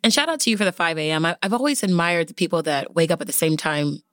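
A woman's voice: fairly low pitch, fast talker, fairly bright tone, no room sound, clean studio sound. A woman hosting a podcast interview, asking reflective, encouraging questions. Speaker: podcast host.

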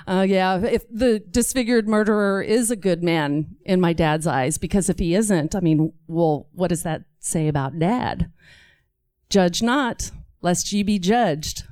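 A Texan woman with a fairly low voice tells a true story on stage before a live audience, animatedly acting out other people's voices as she goes. The recording is clean studio sound with no room echo.

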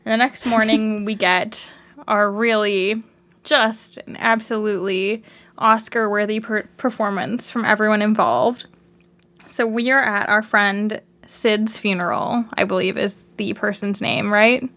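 A woman's voice: medium pitch, fairly even intonation, measured pace, fairly bright tone. A young woman co-hosting a podcast, chatting animatedly and sharing opinions with frequent giggles. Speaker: podcast co-host. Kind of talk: casual chat recapping a show.

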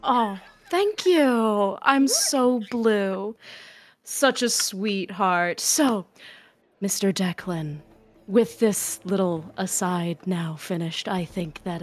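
A woman's voice: on the low side, a little slow, a little mellow, husky, soft background music, pitched below the performer's own voice. A woman voicing a gun-toting adventurer who talks sugary and polite while carrying a threat. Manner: sugary and threatening, calls people matey and dear. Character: gun-toting woman adventurer, sweet-talking but menacing.

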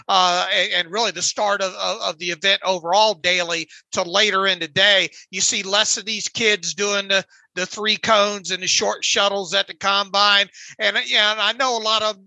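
A man's voice: high-pitched, creaky, bright, forceful tone, no echo. A man hosting a podcast, interviewing a guest with detailed, probing questions. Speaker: podcast host.

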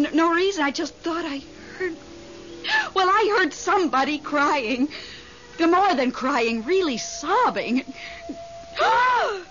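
A woman's voice: very high-pitched, fairly bright tone, full character voice. An actress playing a nervous widow who clings to her memories, in 1970s radio drama acting. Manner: fluttery, easily startled. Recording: dull vintage radio broadcast with faint hiss.

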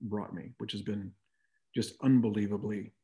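A man's voice: on the low side, steady tone, normal speed, mellow. A middle-aged man talking reflectively as an interview guest, with frequent "you know" asides. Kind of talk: conversational interview.

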